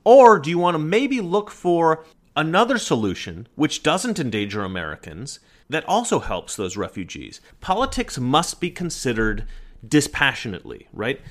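A man giving an opinionated, argumentative political monologue with emphatic delivery. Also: mid-range voice. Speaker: political commentator.

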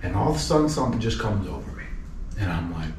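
A man's voice: on the low side, fast, echoey room, slight background noise. Man telling a profane story, distant mic. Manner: profane, animated storyteller who acts out the people in his story. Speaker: podcast guest. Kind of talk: casual storytelling.

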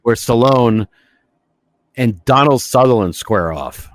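A man co-hosting a casual podcast, riffing on old movies with profanity and sudden shouted impressions. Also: mid-range voice, expressive, slow pace, no room sound. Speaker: podcast co-host.

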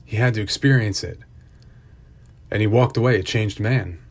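A man's voice: on the low side, normal speed. A man narrating a motivational story earnestly, with building intensity.

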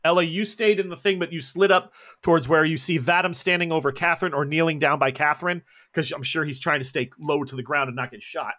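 Bright-voiced male game master. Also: a little high, fast talker. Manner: laughing, joking asides. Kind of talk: narrating a tabletop horror game.

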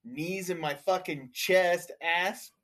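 A man with a high-pitched voice co-hosting a crude casual podcast chat. He rambles, breaks off and restarts his sentences, and laughs along with his partner. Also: takes it slowly, fairly bright tone. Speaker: podcast co-host.

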